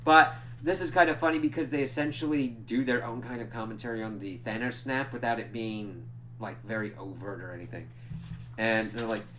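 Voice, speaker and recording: A man's voice: medium pitch, fairly even intonation, brisk, fairly bright tone. A man giving a loose, casual recap of a TV episode, swearing freely and using lots of fillers. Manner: loose, profane, full of "like" fillers. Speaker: TV reviewer.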